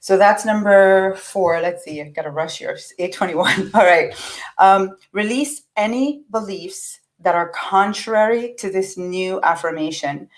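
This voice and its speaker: A woman's voice: medium pitch, measured pace, poor audio. Middle-aged woman, earnest coach, casual and encouraging, restarts her sentences. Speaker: affirmation teacher. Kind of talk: casual teaching talk.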